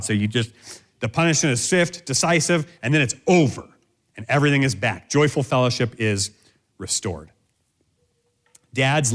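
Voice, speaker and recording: Emphatic male preacher, repeating key phrases. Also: medium pitch. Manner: direct, instructive. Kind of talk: sermon-style teaching.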